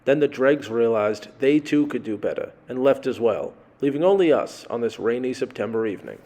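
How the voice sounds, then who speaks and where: A man's voice: mid-range voice, animated, a little fast, mellow. A man reading a scripted travel story in a dry, sardonic way. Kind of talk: scripted narration.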